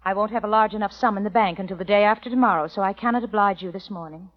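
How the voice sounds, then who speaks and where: A woman's voice: medium pitch, racing, lightly acted. Dignified, icy widow played by a woman, 1940s radio drama, reverberant lo-fi old recording. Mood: cold. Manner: dignified, cold, firm. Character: proud young widow who owns a ranch.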